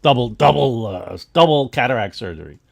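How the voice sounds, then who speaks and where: A middle-aged man with a gravelly voice that rises and falls freely. He chats casually about comic pages, restarting sentences and laughing often. The sound is dry and close. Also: medium pitch, lively intonation, fairly quick, no echo. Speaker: co-host of a comics history show. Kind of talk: casual livestream chat about comic art.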